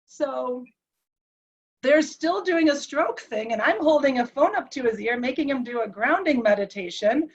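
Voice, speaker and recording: A woman telling an emotional personal story, animated and acting out the dialogue. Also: high-pitched, normal speed, dull audio. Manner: animated, acts out quoted dialogue.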